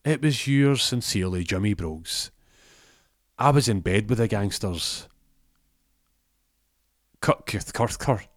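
A man's voice: lowish voice, animated, slow pace, long pauses, no room sound, studio quality. A man voicing a smug, scheming male gangster who taunts his rival. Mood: gloating. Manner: gloating, taunting.

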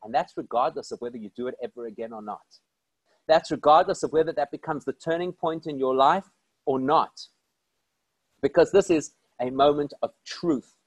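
A rabbi telling a story with lively, emphatic delivery and pointed rhetorical questions. His male voice sits a little above the usual pitch. The sound is close and dry, with no room echo. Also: husky. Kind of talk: inspirational storytelling talk.

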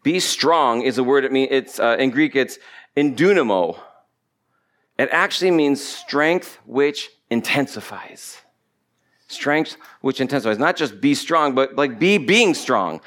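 A man's voice: medium pitch, animated, unhurried, fairly bright tone. A man preaching a sermon, emphatic and repetitive, stretching out key words for stress. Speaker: pastor.

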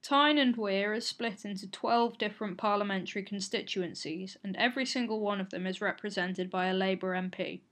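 A woman's voice: medium pitch, a bit bright. A woman presenting an educational video in scripted narration, reading figures out evenly. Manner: measured, reads out figures evenly.

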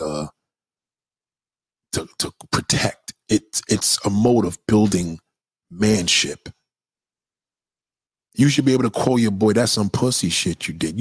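A man's voice: on the low side, no room sound. A man giving blunt, profane opinions in a casual, emphatic rant, often repeating himself. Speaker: commentator.

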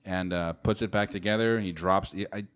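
A man's voice: low voice, steady tone, fairly quick, a bit bright. A man chatting casually as a podcast co-host, laid-back, jokey and profane. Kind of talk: casual banter.

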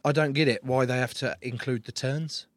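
A man's voice: medium pitch, fairly even intonation, normal speed, dry recording. A young man from Sussex, England, guesting in a casual interview, teasing and blunt. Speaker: rugby player guest.

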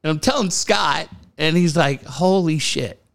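A man's voice: a little high, a little slow, creaky, fairly bright tone. A man in his late forties from the San Diego area, telling a story casually, swearing freely and acting out the voices of the people in it. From San Diego area, California. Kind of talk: casual chat.

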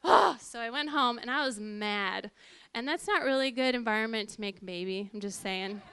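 A woman telling a personal testimony to an audience in a lively storytelling way, acting out what people said. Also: normal speed, a little hiss or hum. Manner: lively, acts out quoted voices with big pitch jumps. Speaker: speaker giving a personal testimony.

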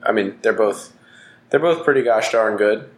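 A man's voice: lowish voice, lively intonation, normal speed. A young man co-hosting a podcast in casual chat, laughing easily, teasing, and laying out his arguments. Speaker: podcast co-host. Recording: echoey room with faint noise.

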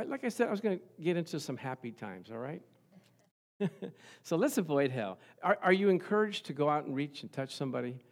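A middle-aged male pastor preaching a sermon to his congregation, chuckling at times and building to loud, fervent passages of scripture. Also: medium pitch. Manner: chuckles often, talks to the congregation.

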